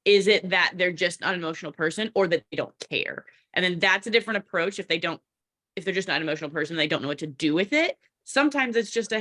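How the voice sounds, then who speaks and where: A blunt woman coach gives casual advice in a bright, forceful voice. She is animated and self-deprecating. Her voice sits slightly low. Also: fast talker. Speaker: workshop co-host and coach. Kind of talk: casual advice in a virtual workshop.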